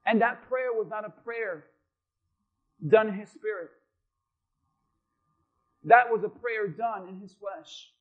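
High-voiced male pastor preaching, lo-fi. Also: slow, long pauses. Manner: preaching with acted-out quotes, questions to the congregation. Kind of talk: sermon. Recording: dull lo-fi recording.

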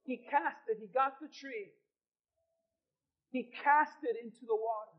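A middle-aged male pastor with a very high voice preaches a sermon. He swings from quiet asides to loud, dramatic shouting as he acts out prayers. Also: unhurried, highs cut off.

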